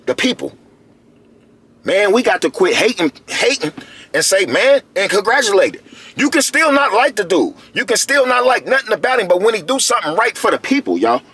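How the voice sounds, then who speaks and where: This video commentator's voice sits high with a breathy edge. He talks casually and animatedly to his viewers in slang, often repeating himself and addressing them directly.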